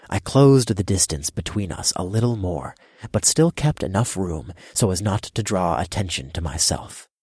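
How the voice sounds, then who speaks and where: A man reading a first-person fantasy story with a very deep voice. His tone is husky and measured, and grows commanding when his character speaks. The recording is close and completely dry. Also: dry recording. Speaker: audiobook narrator. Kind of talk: scripted first-person narration.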